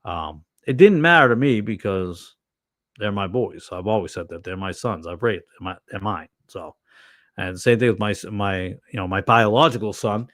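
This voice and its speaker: A tired middle-aged pastor chatting casually on a livestream, rambling with many fillers and restarts. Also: male voice, fairly low pitch, normal speed, fairly bright tone, no echo, clean studio sound.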